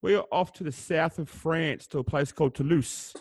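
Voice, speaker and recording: A man's voice: a little high, normal speed, breathy edge, no echo. A man co-hosting a podcast, teasing and chummy, reading out facts between banter. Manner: chummy, teasing, says "mate" often. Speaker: podcast co-host.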